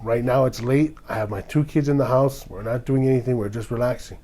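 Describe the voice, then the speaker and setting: A man's voice: mid-range voice, brisk, warm tone. A man from Hawaii, hosting a podcast and ranting with heated indignation. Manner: heated and indignant, acts out others' lines. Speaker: podcast host. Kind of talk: ranting commentary.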